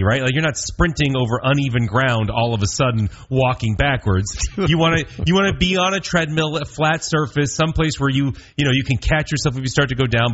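A man's voice: medium pitch, a bit bright. A man co-hosting a radio show, explaining things plainly with easy fillers. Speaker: radio co-host. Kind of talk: casual radio chat. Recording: dull broadcast audio.

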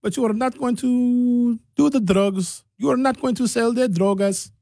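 A man voicing a stern male militant enforcer in a slow, emphatic, mock Spanish accent. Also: extremely high pitch, fairly even intonation, creaky, warm tone, no echo, studio quality, pitched above the performer's own voice.

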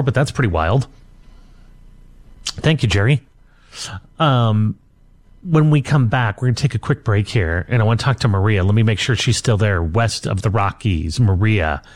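A man hosting a late-night call-in radio show, talking relaxed and conversational with frequent fillers. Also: lowish voice. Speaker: radio talk show host.

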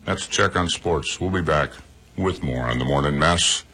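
A man's voice: a bass voice, normal speed, bright, forceful tone, slight background noise. A man hosting a radio morning show, reading sports news and adding chatty opinions of his own. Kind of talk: sports news read with casual commentary.

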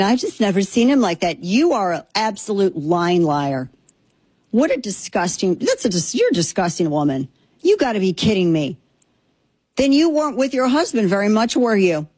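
A woman's voice: medium pitch, a little mellow, slightly rough, no room sound. A woman hosting a political talk show, delivering a sarcastic, indignant monologue. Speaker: political commentary host.

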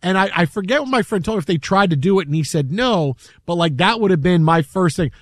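A middle-aged man hosting a sports talk show, telling a story in an animated way and acting out the voices of the people in it. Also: high voice, quick pace, dry recording, clean studio sound. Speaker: sports radio host.

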